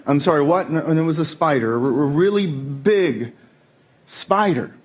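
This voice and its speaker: A man's voice: on the high side, animated, measured pace, breathy edge, pitched below the performer's own voice. A man voicing a sheepish, embarrassed homeowner who mumbles his excuses to the police.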